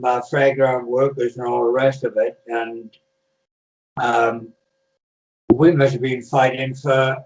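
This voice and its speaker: An older man from Britain, a retired wrestler, telling rambling stories in a casual interview over a video call, full of restarts and fillers. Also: mid-range voice. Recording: echoey room, far from mic.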